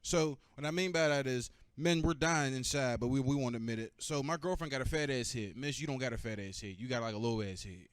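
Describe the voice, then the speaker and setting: A young man doing stand-up comedy, profane and animated, bantering with the audience. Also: medium pitch, a little fast, few pauses, smooth, dry recording.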